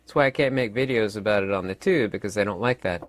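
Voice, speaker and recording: A man's voice: lowish voice, quick pace, no echo, clean studio sound. A man in his fifties giving a rambling, emphatic opinion monologue as a channel host, often repeating words and using fillers. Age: 50s.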